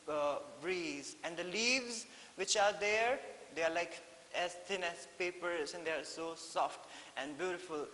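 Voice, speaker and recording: An Indian man teaching an English lesson in a classroom, explaining slowly and repeating phrases with frequent "okay?" checks. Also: a little high, sharp tone. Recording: echoey hall with faint hiss.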